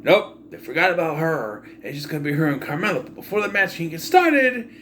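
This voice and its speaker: Speaking briskly in a slightly high voice, a young man reviews a wrestling pay-per-view over slight background noise. He's casual and opinionated, often fed up, and swears his way through an animated rant.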